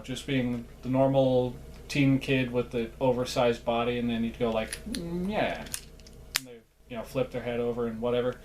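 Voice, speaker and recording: A man talking straight to camera in a loose, rambling vlog, full of fillers and self-mocking asides. His pitch sits in a plain middle range. Faint noise hums under the recording. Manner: rambling, chatty, self-deprecating, many fillers. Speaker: vlogger.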